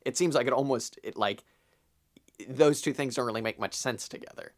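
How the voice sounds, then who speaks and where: A man's voice: medium pitch, moderate pace. A young adult man co-hosting a podcast, rambling casually with lots of fillers and the odd swear word. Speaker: podcast co-host. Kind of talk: casual chat.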